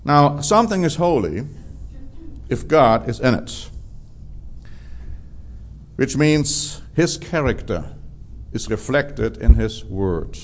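Man, preacher, sermon, unhurried, stresses key words. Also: medium pitch. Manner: slow, deliberate emphasis on key words.

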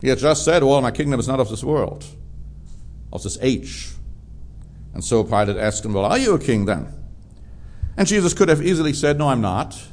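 A man's voice: mid-range voice, animated, normal speed, pauses often, darkish tone. A man preaching a sermon, drawing out key words for emphasis.

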